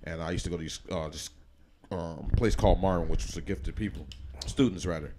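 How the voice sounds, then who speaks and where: A man with a fairly low voice, talking as a podcast guest. He tells his story in a loose, rambling way, often restarting and filling pauses. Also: steady tone, noisy background. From Chicago, USA. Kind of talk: casual interview storytelling.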